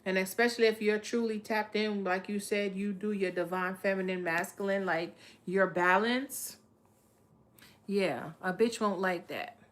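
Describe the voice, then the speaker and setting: A woman's voice: medium pitch, steady tone, a little slow. A woman, giving a live-stream tarot reading in a blunt, profane, streetwise way. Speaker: tarot reader.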